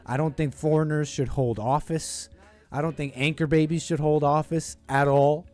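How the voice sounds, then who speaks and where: A man's voice: fairly high pitch, fairly even intonation, normal speed, darkish tone. A man hosting a casual political livestream, rambling and hesitant, often breaking off mid-sentence. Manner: rambling, hesitant, self-interrupting. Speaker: stream host.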